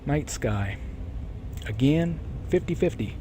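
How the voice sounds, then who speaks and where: A man streaming a game live, chatting with viewers in a rambling way. He keeps correcting himself and clearing a sore throat. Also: a little high, expressive, slow, warm tone, a little hiss or hum. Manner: rambling, self-correcting, reads chat aloud. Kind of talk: casual live-stream chat.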